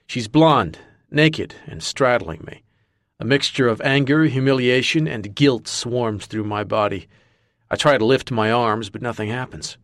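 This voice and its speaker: A man's voice: lowish voice, no room sound, clean studio sound. A man narrating an audiobook in the first person with intense, dramatic delivery.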